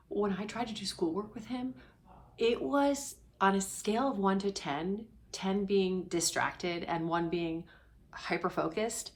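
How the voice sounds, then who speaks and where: A middle-aged woman with a mid-range voice, talking straight to the camera from home as a parenting coach. She tells a story in a confiding, animated way and sometimes drops to a hushed whisper. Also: mid-range voice, unhurried. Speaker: parenting coach for ADHD families. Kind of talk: casual confiding vlog. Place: indoors at home.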